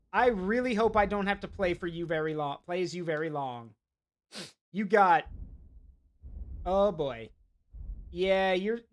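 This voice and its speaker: A man streaming a game, rambling casually with laughs and swearing. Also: high-pitched. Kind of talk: casual gameplay commentary.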